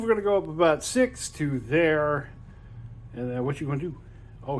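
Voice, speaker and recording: A man's voice: a little high, expressive, normal speed. A man hosting a tabletop wargame battle report, chatting casually as he counts dice aloud and laughs often. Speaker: tabletop wargame player and channel host.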